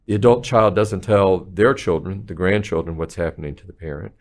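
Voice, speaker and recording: Earnest low-voiced doctor telling stories. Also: male voice, brisk, darkish tone. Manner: earnest storyteller, voices patients' words. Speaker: palliative care physician, podcast guest. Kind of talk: conversational interview.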